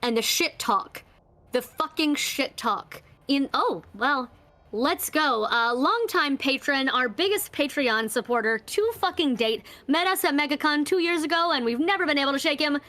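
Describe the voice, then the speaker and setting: A woman's voice: sits high, animated, normal speed, bright, forceful tone. A woman co-hosting a live stream in casual chat, brash and teasing, swearing freely. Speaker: stream co-host.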